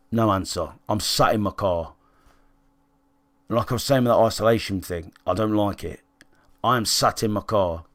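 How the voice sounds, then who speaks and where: While livestreaming, a British gamer recounts a frank story to his chat in a sweary, blunt, chatty way, stopping to check in with listeners. His voice sits on the low side and the recording is dry.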